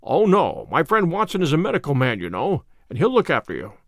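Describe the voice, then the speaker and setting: A man reading an audiobook, voicing a calm, authoritative detective with a measured manner. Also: on the high side, dry recording, clean studio sound, heavily acted. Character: sharp, commanding male detective, calm and cryptic.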